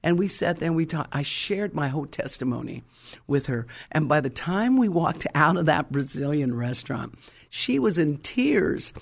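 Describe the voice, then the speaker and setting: A woman preacher telling her testimony in a sermon, animated and fervent, acting out the people in her story. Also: low voice, normal speed, gravelly. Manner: fervent, exclamatory.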